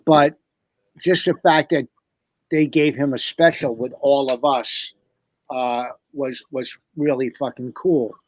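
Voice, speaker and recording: A man comedian recalling old shows in a slow, rambling, profane way during a round-table chat. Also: medium pitch, steady tone, no room sound. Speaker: comedian guest.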